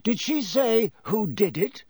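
Man doing a calm elderly headmaster. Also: high-pitched, husky, no room sound, clean studio sound, pitched above the performer's own voice, full character voice. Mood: calm command. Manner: calm, measured authority.

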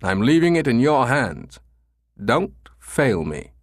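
A man's voice: medium pitch, very animated, takes it slowly, no echo, studio quality, voice pushed up. A man voicing a grave middle-aged commander giving a stern order.

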